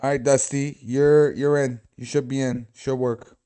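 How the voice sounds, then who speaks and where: A man's voice: medium pitch, little pitch movement, a little slow, dark tone, smooth. A man hosting a casual livestream, chatting loosely, swearing and getting distracted. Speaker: livestream host.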